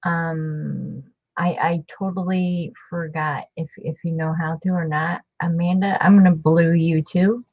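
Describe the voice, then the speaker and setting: A woman hosting a casual craft livestream, chatting warmly and rambling, repeating herself as she works. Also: on the low side, fairly even intonation, a little slow, dull audio.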